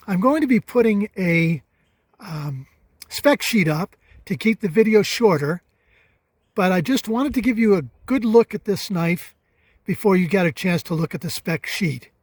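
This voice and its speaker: Husky older man reviewing gear outdoors. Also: sits high, animated, measured pace, a little mellow, no echo. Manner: emphatic, repeats words for stress. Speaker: hiking vlogger. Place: outdoors on a hiking trail.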